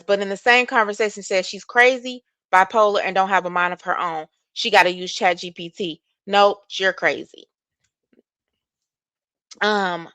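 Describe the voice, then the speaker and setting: A woman's voice: mid-range voice, a bit bright, no room sound. A woman hosting a casual livestream, reading text messages aloud to her viewers and weighing in with her own opinions. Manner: addresses viewers directly as y'all. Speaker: livestream commentary host.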